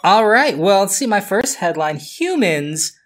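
A man's voice: sits high, very animated, unhurried, a bit bright. A man co-hosting a casual news chat, explaining stories in a loose, rambling way. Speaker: podcast co-host.

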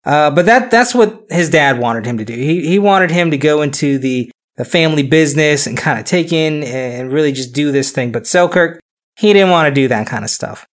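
A man's voice: a little high, lively intonation, normal speed. A man hosting a casual podcast, telling a history story loosely, with frequent fillers and chuckles.

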